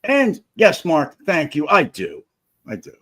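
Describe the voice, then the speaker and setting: A man's voice: fairly high pitch, huge pitch swings, a little slow, sharp tone. A man chatting as a guest on a livestream, profane and joking, rambling through stories. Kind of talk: casual livestream chat.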